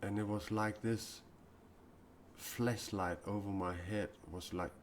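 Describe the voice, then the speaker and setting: Low-voiced male spiritual speaker, halting and heartfelt, live-stream monologue. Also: steady tone, slight background noise. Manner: earnest, confessional, halting. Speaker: self-described mystic and spiritual speaker. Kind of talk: improvised live-stream talk.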